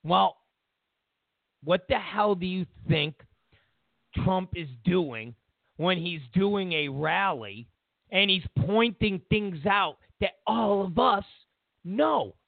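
A man's voice: high-pitched, animated, slow, vocal fry, dry recording. A man hosting a political talk show, ranting and mocking as he acts out quotes. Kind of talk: opinionated political commentary. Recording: tinny narrowband audio.

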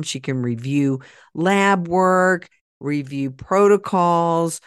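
A man's voice: on the high side, expressive, a little slow, no room sound, clean studio sound. A man from Oklahoma with an Oklahoma accent, hosting a podcast in a blunt, folksy, rambling way. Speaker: podcast host. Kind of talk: casual chat with a guest, then a sponsor plug.

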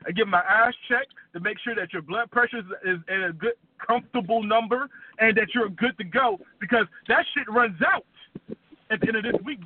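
Man, high voice, husky, boastful trash talk, dry tinny recording. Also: dry recording. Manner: boastful, mocking. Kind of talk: wrestling-style trash talk. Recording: tinny phone-like sound.

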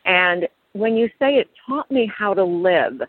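A woman's voice: mid-range voice, expressive, unhurried, breathy edge, no room sound, phone-quality sound. Radio host lady, encouraging, dry phone-ish sound. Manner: encouraging, affirming interviewer. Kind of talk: radio interview.

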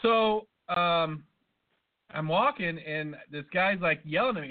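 A man with a high voice spins a long, rambling story between swears and side comments. The sound is thin and tinny, like it is coming over a phone. It is a casual podcast chat. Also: expressive, a little slow. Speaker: podcast co-host.

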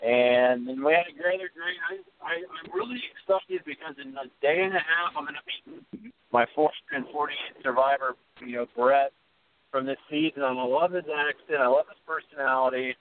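A man's voice: fairly high pitch, moderate pace. A man hosting a podcast, recapping a TV show in casual, rambling talk full of restarts. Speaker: podcast host. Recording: tinny phone-line audio.

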